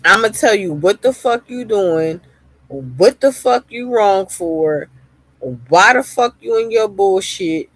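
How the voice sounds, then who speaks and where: A woman streamer rants through a live reaction stream, swearing freely and hammering the same lines over and over. Her voice sits at an ordinary middle pitch. It is recorded close and dry, with almost no room sound. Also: animated, slow, fairly bright tone, no room sound. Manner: heated, profane ranting with repeated phrases.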